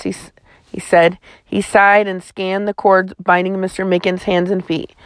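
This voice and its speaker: A woman's voice: mid-range voice, flat delivery, moderate pace, smooth, dry recording. A woman reading a chapter book aloud in a folksy first-person storytelling manner, close to the mic. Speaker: audiobook narrator.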